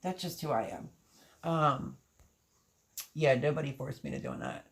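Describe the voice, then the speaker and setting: A woman's voice: low-pitched, very animated, unhurried, vocal fry. A woman hosting a gardening channel live stream, chatting casually and reading viewer comments aloud.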